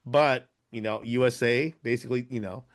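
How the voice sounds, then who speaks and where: In a mid-range voice with a steady tone and normal speed, a man co-hosts a podcast, making casual, rambling conversation full of fillers and restarts.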